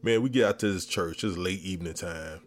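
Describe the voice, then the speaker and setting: A man hosting a podcast, telling a comic story with lively re-enactments of his own reactions. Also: deep voice, a little fast, slight background noise. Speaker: podcast host. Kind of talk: comedic storytelling.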